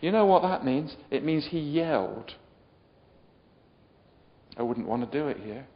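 Male preacher, high voice, storytelling building to shouted appeals, lo-fi recording. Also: animated, measured pace. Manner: builds from quiet storytelling to loud shouted exhortation. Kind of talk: sermon.

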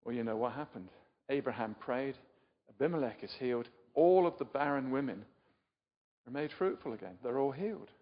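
Speaking at a brisk clip with an expressive, medium-pitched voice, an older English preacher gives a casual, talkative sermon. He pokes fun at himself and often puts questions to the congregation, all captured as muffled sound echoing through a large hall.

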